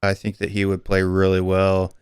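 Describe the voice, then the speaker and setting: American male guest, low smooth voice, dry close sound, chatty and explanatory. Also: completely flat delivery, normal speed, no echo. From United States. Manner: explains at length with fillers and restarts. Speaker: guest football YouTuber. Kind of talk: casual interview chat.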